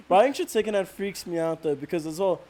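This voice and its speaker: A man's voice: high voice, moderate pace, darkish tone. A young man, co-hosting a podcast in casual chat, laughing often and poking fun at himself. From South Africa. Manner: laughs often, self-deprecating. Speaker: podcast co-host.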